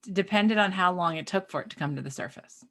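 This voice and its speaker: A woman co-hosting a spiritual talk show, speaking in a relaxed, rambling way and often checking in with "right?". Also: lowish voice, quick pace. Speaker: podcast co-host. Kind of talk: spiritual conversation.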